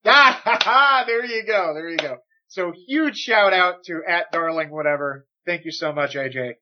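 A man co-hosting a wrestling podcast in casual chat, animated and joking, swearing freely. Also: high-pitched, moderate pace, muffled recording, background noise. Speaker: podcast co-host.

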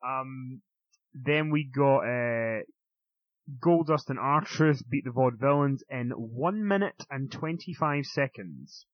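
A man co-hosting a casual wrestling chat, chatty and quick to laugh, often stumbling over his words. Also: medium pitch, no echo. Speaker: wrestling podcast co-host. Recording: dull lo-fi dry sound.

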